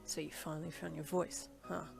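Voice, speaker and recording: A woman's voice: lowish voice, animated, brisk, vocal fry, music in the background. Woman doing a growling brash teenage boy. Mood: gruff. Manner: growling, barking commands.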